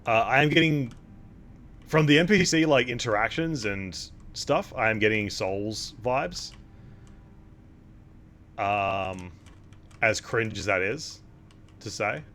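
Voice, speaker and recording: A man's voice: on the low side, slow pace, long pauses, fairly bright tone, slight background noise. Wry young man streaming a game. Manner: wry, sarcastic asides. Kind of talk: casual gameplay commentary.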